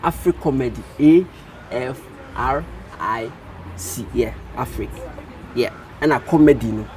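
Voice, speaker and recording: A man's voice: mid-range voice, a little slow, a little mellow, a little hiss or hum. A man from Ghana chipping in beside a host, spelling out a channel name and adding short replies. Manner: brief interjections and spelling out a name. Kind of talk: casual chat.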